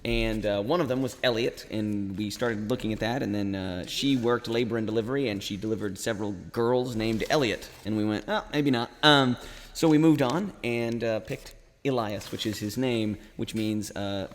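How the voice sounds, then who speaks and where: A teacher co-hosting a live school podcast talks laid-back in a lowish voice at normal speed, tossing out dry jokes in casual banter. The recording is from a school gym with long echoey reverb and slight background noise.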